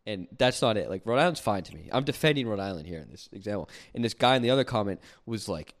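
A man's voice: on the low side, lively intonation, fast talker. Ranting young man. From southern New England. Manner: ranting, swearing, mock-outraged. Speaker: podcast co-host. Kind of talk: casual profane banter.

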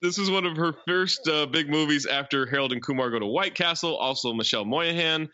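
Bright-voiced male podcast host. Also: fairly high pitch, dry recording, muffled recording. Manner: reads intros and credits in a brisk listing way. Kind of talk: casual podcast movie chat.

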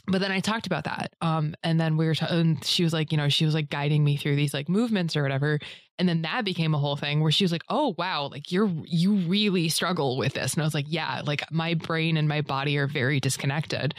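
A woman's voice: sits low, a little fast, no room sound, clean studio sound. A woman in a casual chat, telling a long story full of fillers and acting out other people's lines. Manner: rambling storyteller, many fillers, acts out others in a raised voice.

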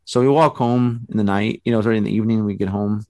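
Male storyteller, low voice, casual and rambling, dry close sound. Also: very fast, no room sound. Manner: rambling, animated storytelling with many fillers. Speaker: storyteller guest. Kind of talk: casual chat.

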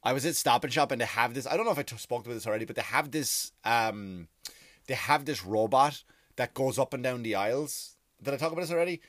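A man's voice: mid-range voice, fast talker, fairly bright tone, dry recording. Profane, rambling man on a dry mic. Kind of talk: rambling comic monologue.

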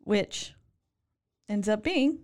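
A woman's voice: mid-range voice, expressive, very slow, darkish tone, dry recording, studio quality. A woman co-hosting a podcast, laid-back and casually swearing as she recaps a horror movie. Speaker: podcast co-host. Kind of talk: casual chat.

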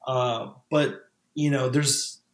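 A man in his thirties talks casually as a podcast guest. He reflects out loud, restarting phrases and leaning on fillers. His mid-range voice sits in a noticeably echoey room. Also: medium pitch, steady tone, takes it slowly. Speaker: podcast guest, former pastor. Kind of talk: casual conversational interview.

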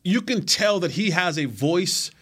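A man's voice: sits high, lively intonation, a little slow, fairly bright tone. A man hosting a sports talk show, speaking casually and animatedly, often repeating words as he builds his point.

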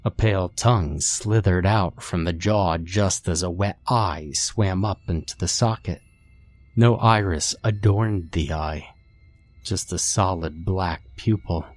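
A man calmly reading a horror story as its narrator, in a measured, steady delivery. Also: low-pitched, faint music behind.

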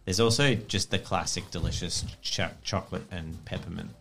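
A man narrating a tabletop game as game master, chatty and playful, quick to laugh. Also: low-pitched, gravelly, a bit bright.

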